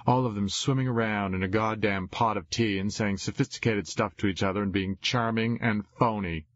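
A man's voice: lowish voice, fairly even intonation, normal speed, no room sound. Guy reading a story in first person, wry rambling voice, dull lo-fi sound. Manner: wry, rambling confessional delivery. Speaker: audiobook narrator. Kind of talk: first-person audiobook narration. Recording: dull lo-fi recording.

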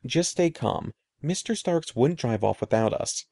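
A man voicing a young girl, an older sister who calms and gently teases her little brother. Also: medium pitch, unhurried, gravelly, dry recording, studio quality. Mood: reassuring. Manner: reassuring, gently teasing.

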